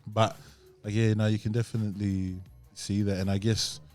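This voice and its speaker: A man with a low voice hosts a relaxed podcast chat, rambling and laughing through a story, thick with fillers. Soft music sits faintly behind him. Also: moderate pace. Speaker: podcast host. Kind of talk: casual chat. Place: podcast studio.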